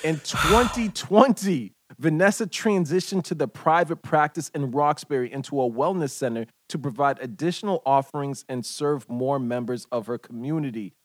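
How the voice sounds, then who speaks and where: A man with a Haitian accent, a podcast co-host chatting casually who laughs often and reads an introduction a bit haltingly. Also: a little high, no echo.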